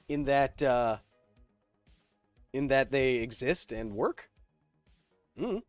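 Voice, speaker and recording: A man's voice: mid-range voice, expressive, extremely slow, pauses often, dry recording, faint music behind. A man hosting a livestream Q&A, reading viewer questions aloud and answering in a rambling way, with lots of fillers. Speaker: host. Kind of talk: livestream Q&A chat.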